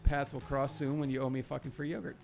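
A man runs his podcast in relaxed, off-the-cuff chat. His voice has a gravelly, rough texture. He jokes crudely and swears freely as he goes. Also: mid-range voice, fast talker, soft background music. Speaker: podcast host.

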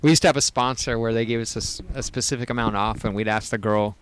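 A man's voice: medium pitch, steady tone, fast, a little hiss or hum. A man co-hosting a podcast, probing a guest with jokes in casual chat. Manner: probing, joking interviewer. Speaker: podcast co-host.

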